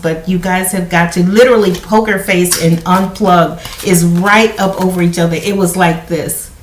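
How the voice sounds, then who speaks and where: A woman giving a casual spoken tarot reading to her viewers, talking in a chatty, conversational way and often checking in with "you know" and "okay?". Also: on the low side. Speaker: tarot card reader. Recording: roomy echo.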